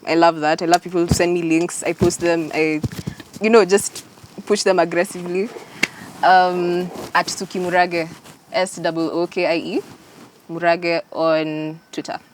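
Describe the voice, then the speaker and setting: A woman's voice: on the low side, level tone, moderate pace, background noise. A woman with a Kenyan accent, a music journalist co-hosting a casual chat about songs, talking chattily with lots of ums and likes.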